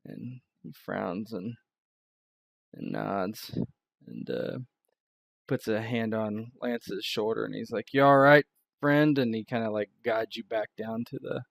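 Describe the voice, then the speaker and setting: A man narrating a tabletop game as game master, with many pauses and fillers. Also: fairly low pitch, expressive, creaky. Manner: hesitant, filler-heavy, descriptive.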